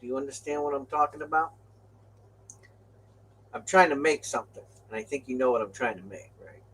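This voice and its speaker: An older man casually telling trucking stories to his viewers, animated, swearing now and then and laughing along. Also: medium pitch, fairly quick, slight background noise. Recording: distant from the mic.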